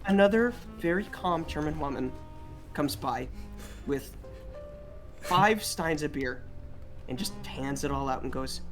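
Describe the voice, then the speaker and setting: A man's voice: fairly high pitch, lively intonation, unhurried, pauses often, soft background music. A man running a tabletop game as dungeon master, narrating in a rambling, laughing way.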